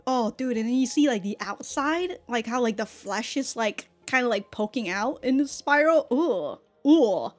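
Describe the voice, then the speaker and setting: Brief: anime reaction host, woman, high-ish voice, excitable, laughs and swears a lot, soft music under her. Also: unhurried, hardly any pauses. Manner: excitable, profane, laughs often. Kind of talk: casual reaction commentary.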